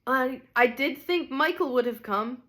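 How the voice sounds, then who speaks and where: A woman reading an audiobook, voicing a possessive, grieving mother's ghost who speaks sharply and snappishly. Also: a little slow. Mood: longing. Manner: sharp, snappish, rising to shrill.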